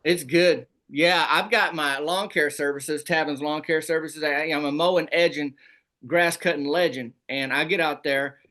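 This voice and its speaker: Guy telling deadpan tall tales on a radio show, bright punchy voice. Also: on the high side, normal speed. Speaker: comedian guest. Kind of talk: comic storytelling in a rural persona.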